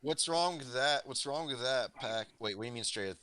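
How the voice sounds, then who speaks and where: A man's voice: mid-range voice, expressive, moderate pace, a crowd in the background. A man playing a tabletop role-play game, chatting casually with lots of fillers. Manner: casual, says "like" a lot. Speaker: player.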